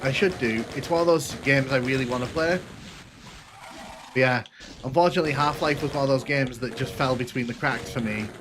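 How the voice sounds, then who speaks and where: A man's voice: mid-range voice, fairly quick, background noise. A man giving casual, rambling commentary on a live game stream, answering chat with many restarts and fillers.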